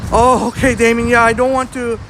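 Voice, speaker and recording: Man, high voice, livestream host, outdoors on a city street, chatty, faint traffic behind. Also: level tone, brisk. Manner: chatty, addresses viewers by name while walking. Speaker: livestream host reading viewer chat. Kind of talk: casual live walking stream.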